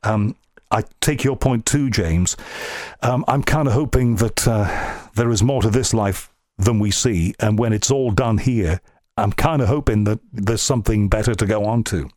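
A man's voice: fairly low pitch, moderate pace, darkish tone, no echo, clean studio sound. A man from Liverpool with an English accent, hosting a radio and podcast show, reading out listener emails and chatting in a conversational, thoughtful way with frequent ums. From Liverpool, England. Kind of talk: reading listener emails on air, then interviewing a guest.

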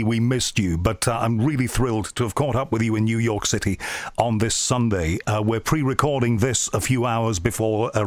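An English man from Liverpool hosts a radio show, working through listener mail in a relaxed, thoughtful way, with plenty of ums and uhs. His voice sits at a middle pitch. It is captured dry and close on a studio mic, with no room echo. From Liverpool, England. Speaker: radio and podcast host. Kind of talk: reading listener emails on air, then interviewing a guest.

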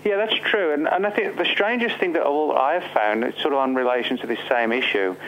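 This Staffordshire author, a man with an English Midlands accent, joins an interview remotely as a guest. His voice sits on the high side, brisk and fairly bright, captured on a low-quality recording. His answers wander, with plenty of fillers and false starts.

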